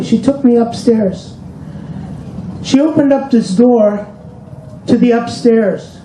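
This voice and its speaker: A man's voice: high voice, measured pace, creaky, long pauses, dark tone, reverberant, a little hiss or hum, low-quality recording. A man telling a personal story in an emotional public speech, asking the audience rhetorical questions and pointing to pictures. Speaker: speaker at a commemoration event. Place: hall with an audience.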